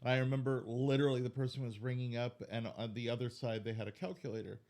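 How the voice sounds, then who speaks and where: A man co-hosting a cannabis podcast, telling an animated story in casual chat and swearing freely. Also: mid-range voice, quick pace. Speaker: podcast co-host.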